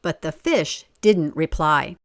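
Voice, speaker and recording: A woman reading a children's story aloud in an expressive way, stopping to ask the listener questions. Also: deep voice, slow, dry recording. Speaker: story reader.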